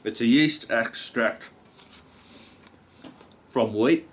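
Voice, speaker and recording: A man's voice: medium pitch, extremely slow. An Australian man chatting casually to camera in a rambling vlog, just woken up and swearing mildly now and then. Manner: rambling, frequent mild swearing. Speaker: vlogger.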